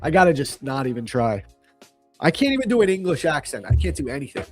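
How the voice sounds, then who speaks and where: Laid-back, slightly husky young man. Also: on the high side, very animated, fast talker, faint music behind. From New York. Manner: laid-back, slangy, jokey, reads chat aloud. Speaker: livestream trading host. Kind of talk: casual livestream chat.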